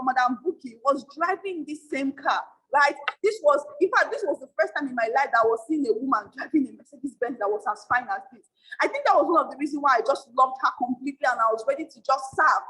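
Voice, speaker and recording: High-voiced, fast young Nigerian woman. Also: fairly bright tone, low-quality recording. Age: young adult. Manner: emphatic, repeats lines for effect. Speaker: motivational speaker. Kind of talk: motivational talk to an audience.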